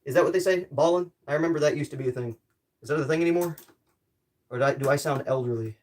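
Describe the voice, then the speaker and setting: A woman's voice: low-pitched, fast talker, darkish tone. A young woman streamer in her bedroom, chatting casually and muttering to herself while she tinkers with a gadget. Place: bedroom at home.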